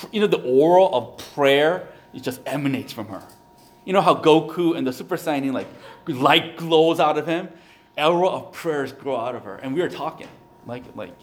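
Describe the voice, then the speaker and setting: A man, a pastor, preaching a conversational sermon, animated and repeating phrases for emphasis. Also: fairly high pitch.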